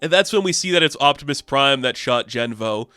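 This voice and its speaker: A man's voice: mid-range voice, animated, brisk, bright, forceful tone, smooth, no room sound, soft background music. A young man casually recapping a comic book issue, rambling with fillers and laughs.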